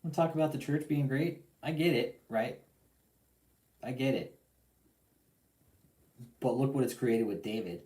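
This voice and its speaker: A man hosts a loose call-in show, cursing freely and firing off slangy rants at his listeners. His voice sits at an ordinary pitch with a dark, mellow tone. He sounds like he is in an echoey, roomy space. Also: a little slow, pauses often. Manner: profane, animated ranting with lots of slang. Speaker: podcast host. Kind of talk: casual call-in talk show.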